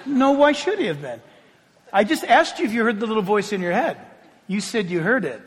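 High-voiced male pastor preaching in a reverberant hall. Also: very animated, brisk, slightly rough. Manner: emphatic preaching, swinging from quiet to loud. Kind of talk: sermon.

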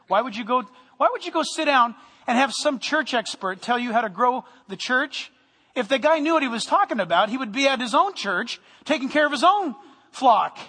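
A male pastor preaching a lively sermon to his congregation, joking with them and sometimes raising his voice. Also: very high voice, slightly rough, big-room sound. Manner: animated preaching with humor, sometimes loud. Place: church sanctuary.

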